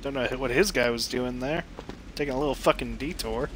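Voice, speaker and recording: A man's voice: mid-range voice, brisk, fairly bright tone, slight background noise. A man streaming a game, giving crude, joking commentary full of swearing. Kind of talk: comedic gameplay commentary.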